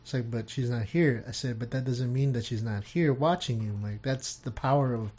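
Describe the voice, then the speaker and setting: A man's voice: mid-range voice, normal speed, a little mellow, husky. Casual swearing man telling stories. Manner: loose storytelling with swearing. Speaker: podcast co-host. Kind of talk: casual chat.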